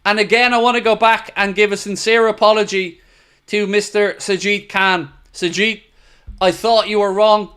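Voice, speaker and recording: A man hosting a live football watchalong, excitable and blunt, swearing freely as he talks. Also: sits high, normal speed, clean tone. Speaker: host of a fan watchalong.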